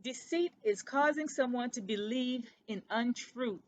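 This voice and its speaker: A woman doing a squeaky, remorseful little boy mouse. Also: a little slow, slight background noise, close to an everyday voice. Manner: squeaky, tearful, apologetic.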